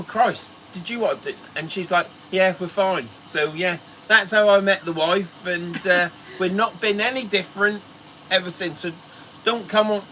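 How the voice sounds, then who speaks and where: A man's voice: high-pitched, sharp tone, slight background noise, rough recording. A middle-aged man with a Norfolk accent, chattily rambling through a story on a fishing livestream as its host. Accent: Norfolk English. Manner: chatty, rambling, laughs as he talks.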